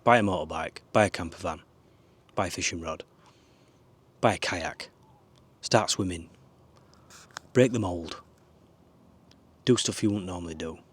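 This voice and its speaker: A man's voice: low voice, measured pace, long pauses, breathy edge. A man giving rambling, earnest life advice to camera from a small camper van. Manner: rambling, earnest, swears now and then. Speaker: vlogger. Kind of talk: casual advice talk to camera.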